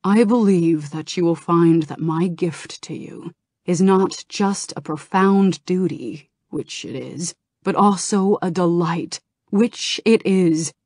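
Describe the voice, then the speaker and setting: A solemn, otherworldly titan voice speaks in measured words, as a woman reader puts it on. The delivery is slow, with a dry, close sound. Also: fairly low pitch, darkish tone, dry recording. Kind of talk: audiobook reading.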